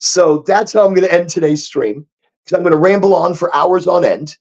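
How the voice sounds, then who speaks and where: A man hosting a casual livestream chat, high and rambling, repeating himself and chuckling at his own jokes. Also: normal speed, gravelly, darkish tone, highs cut off. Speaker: podcast host.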